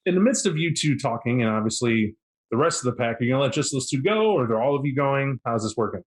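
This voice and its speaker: A man's voice: medium pitch, animated, fast. A man running a tabletop game as game master, narrating in a loose, chatty way with many fillers.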